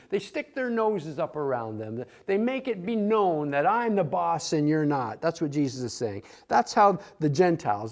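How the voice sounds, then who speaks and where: A man teaching a church Bible class from an outline, acting out the quoted voices of the disciples. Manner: animated, acts out quoted voices with rising pitch.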